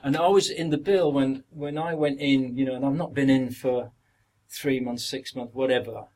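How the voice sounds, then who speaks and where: An older actor from Yorkshire in northern England recalls anecdotes as a podcast guest in a steady, slightly mellow mid-range voice at normal speed. He rambles, repeats words, and sometimes acts out others' speech. The audio is poor.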